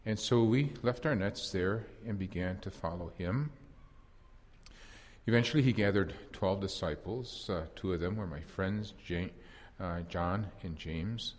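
A man giving voice to an impulsive old fisherman-apostle who looks back on his failings with earnest candor and a wry, self-mocking edge. The voice sits fairly low, and a long hall reverb trails behind every phrase in this first-person dramatic monologue. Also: unhurried. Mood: reflective. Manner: earnest reflective storytelling with wry self-deprecation.

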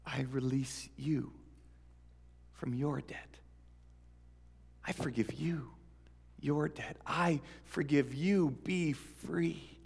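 A man's voice: medium pitch, unhurried, long pauses, a little mellow, slightly rough. A man voicing an overjoyed freed male servant who gushes and repeats himself, in a sermon. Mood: earnest, tender. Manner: breathless and effusive, repeating himself. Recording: reverberant hall.

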